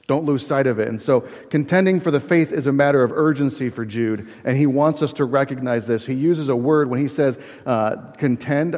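A man's voice: medium pitch, darkish tone. A man preaching a sermon as a pastor, earnest, asking rhetorical questions and often restarting his phrases. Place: church sanctuary. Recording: dull reverberant hall recording.

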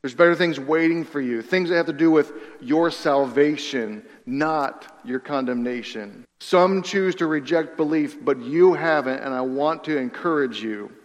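Pastor guy preaching, kinda high voice, earnest, repeats himself for emphasis, big echoey church hall. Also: measured pace, hardly any pauses. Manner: earnest, repeats phrases for emphasis, drops to a hush on key lines. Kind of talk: sermon.

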